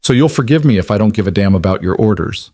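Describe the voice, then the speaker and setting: A quiet, steely single dad, read by a man with a low voice and a flat, cold delivery. The sound is close and dry. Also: fast, no echo. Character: protective single-dad janitor, cold and steady.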